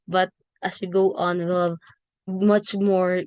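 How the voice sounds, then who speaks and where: A woman teaching a lesson on poetry, explaining slowly with fillers and self-corrections. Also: fairly low pitch, flat delivery, a little mellow, clear, resonant tone, no echo. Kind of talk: classroom lecture on poetry.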